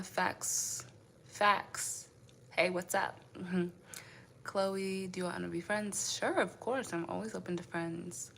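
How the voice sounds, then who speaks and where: A woman with a low, gravelly voice chats casually with viewers on a live stream. She was raised in the United States and answers their comments one by one, laughing often. A faint hiss sits under her voice. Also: a bit bright. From United States (raised in Indianapolis).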